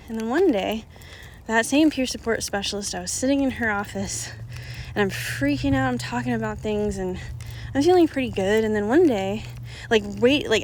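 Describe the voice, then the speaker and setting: A woman with a mid-range voice tells her own story straight to her viewers. She is frank and swears freely. She drops to a near-whisper, then comes back up with emphasis, over a faint background hiss. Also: mid-range voice. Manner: frank and profane, drifting between hushed and emphatic. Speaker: oracle card reader and vlogger. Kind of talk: candid personal storytelling.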